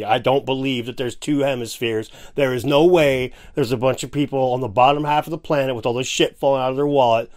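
A man's voice: medium pitch, fairly quick, hardly any pauses. A man hosting a casual reaction video, ranting with sarcasm and frequent swearing. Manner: ranting, sarcastic, profane, animated. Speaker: video host reacting to a clip.

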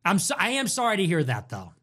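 A man hosting a livestream, reacting to chat messages in a sarcastic, mocking way with quick swings in tone. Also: high voice, huge pitch swings, a bit bright. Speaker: livestream host.

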